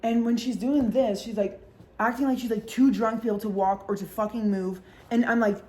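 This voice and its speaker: A woman tells a story in casual podcast chat, packing her talk with fillers and swearing freely. Her voice sits in an ordinary middle pitch. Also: darkish tone. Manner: fast-talking, full of fillers and swearing. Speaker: podcast host.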